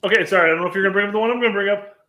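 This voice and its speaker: A man's voice: high-pitched, very fast, highs cut off. A man co-hosting a podcast, chiming in with dry, brief reactions during crude, casual banter. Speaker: podcast co-host. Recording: roomy echo.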